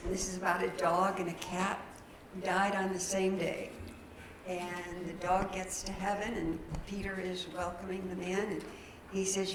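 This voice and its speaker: A woman's voice: fairly low pitch, flat delivery, measured pace. A woman minister, giving a chatty, folksy sermon in a church. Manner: chatty, folksy, laughing at her own slips. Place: church sanctuary. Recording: roomy church hall with background noise.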